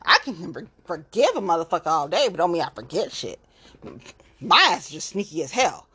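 A woman's voice: on the low side, sing-song, a little fast, sharp tone, breathy edge. Blunt, profane woman ranting casually. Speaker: local political activist. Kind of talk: casual monologue.

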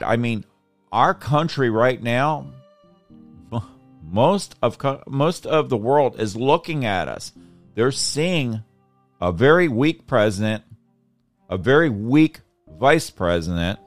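A man's voice: mid-range voice, lively intonation, slow, pauses often, no room sound, faint music behind. A man hosting a political show, giving a frustrated, indignant monologue and rallying listeners. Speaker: political podcast host. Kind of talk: angry political commentary monologue.

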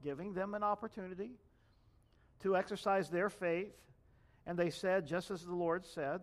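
High-voiced man preaching conversationally. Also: moderate pace. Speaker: pastor. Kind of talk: sermon.

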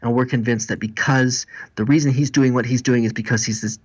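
A pastor and marriage seminar speaker, an animated storyteller who acts out the people he quotes. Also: mid-range voice, fairly quick, slightly rough, muffled recording. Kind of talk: interview guest.

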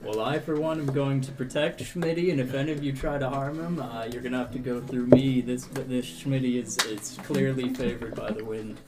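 A man's voice: mid-range voice, steady tone, normal speed, few pauses, heavy background noise. A man playing a tabletop game who asks questions hesitantly. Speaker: player.

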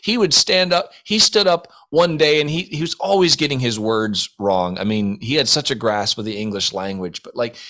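A man's voice: medium pitch, moderate pace, hardly any pauses, sharp tone. A man co-hosting a casual comedic chat, telling stories with mock solemnity and laughing through his own jokes. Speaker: podcast co-host.

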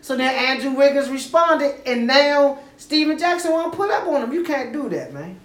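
A woman hosting a casual sports talk show, animated and quick to talk over others, repeating her points. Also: sits high. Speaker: podcast host. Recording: echoey room.

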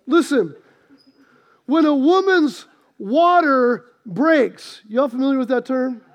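A man preaching a sermon, telling stories with animated swings from loud outbursts to quiet asides. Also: very high-pitched, slow pace. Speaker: pastor.

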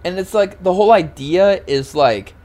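Co-hosting a podcast, a man from Oregon, US, keeps the talk loose and rambling, laughing often and cursing freely. He speaks at normal speed in a voice that sits high but has a darkish tone.

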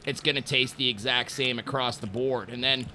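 Bright-voiced Canadian man in casual chat. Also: mid-range voice, moderate pace, slight background noise. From Montreal, Canada. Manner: relaxed storytelling with many fillers. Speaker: distillery brand representative. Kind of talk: casual interview talk.

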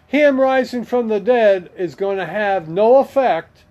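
A man with a fairly high voice teaches scripture at an unhurried, deliberate pace, reading passages aloud and adding his own remarks. The recording is a little muffled and lo-fi. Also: animated, darkish tone. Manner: slow and deliberate, reading verses aloud with comments. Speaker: preacher.

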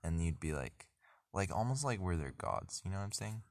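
Young guy rambling about stuff, lowish voice, dry close sound. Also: big pitch swings, a little fast, vocal fry, no echo. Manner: rambling, full of fillers and restarts, laughing. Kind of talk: casual chat. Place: blanket fort.

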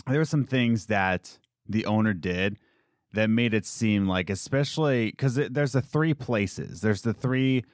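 A man's voice: on the low side, unhurried, no echo, studio quality. A young man, a coffee shop worker, venting in casual chat, rambling and exasperated, mocking the people he quotes.

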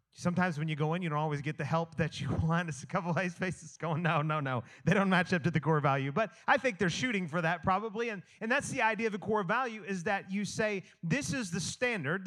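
High-voiced preacher rambling casually. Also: male voice, a bit bright. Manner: rambling, conversational, with many fillers and restarts; playful asides to the congregation. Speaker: pastor. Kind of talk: sermon. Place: church hall with a live congregation. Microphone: handheld microphone.

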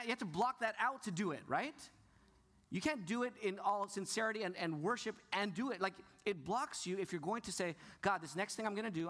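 A man's voice: on the high side, a bit bright. A middle-aged male pastor giving a sermon, earnest, often putting questions to the congregation and answering them himself.

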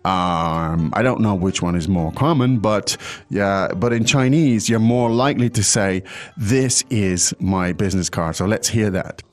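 A man hosting a language lesson who explains phrases patiently, in an animated, chatty way. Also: low voice, a little slow.

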